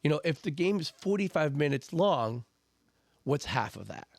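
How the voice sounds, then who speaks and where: A man's voice: a little high, lively intonation, normal speed, creaky, dry recording, studio quality. A man talking as a podcast guest about coaching and homeschooling. He is earnest and emphatic, and he repeats words for stress. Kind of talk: casual chat.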